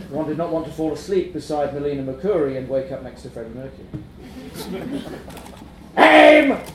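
A man reads a darkly comic story aloud with a wry, amused delivery. His voice sits somewhat high, and the room gives it a noticeable echo. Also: heavy background noise. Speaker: narrator. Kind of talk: storytelling reading. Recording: roomy echo.

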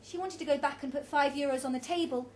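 A woman's voice: high-pitched, fast talker, slight background noise. A woman reading a story aloud with a dramatic, varied delivery.

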